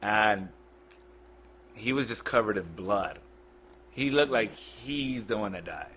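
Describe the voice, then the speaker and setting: Man, podcast guest, low voice, swears freely, faint hum behind. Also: a bit bright. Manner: blunt, profane, halting retelling. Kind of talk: casual storytelling.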